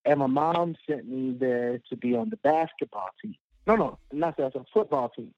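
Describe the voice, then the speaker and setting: As a guest, a man tells a long, rambling personal story, filling it with fillers and laughing at himself. His voice is medium-pitched and moderately paced. The recording is dull, lo-fi, and dry, with no echo.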